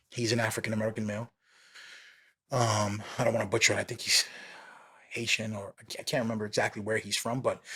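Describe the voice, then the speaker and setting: Casting: streetwise New York man, animated storyteller, casual swearing, mid-range voice. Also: medium pitch, husky. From New York City. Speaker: police officer guest.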